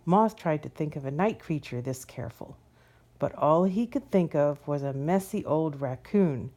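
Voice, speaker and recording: Woman storyteller for kids, lowish pitch, warm mellow tone, gentle expressive read-aloud. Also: normal speed, muffled recording. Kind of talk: reading a children's picture book aloud.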